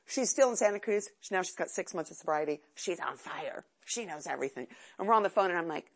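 A woman's voice: fairly low pitch, animated, quick pace. A woman in her fifties from California giving a candid, chatty, self-mocking personal testimony at a recovery meeting. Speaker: speaker sharing at a recovery meeting.

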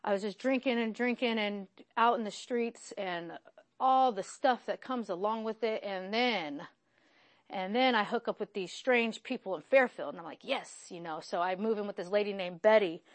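A woman's voice: mid-range voice, normal speed. A woman in her thirties, from West Virginia, telling her own recovery story in a frank, rambling, self-deprecating way. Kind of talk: candid personal testimony.

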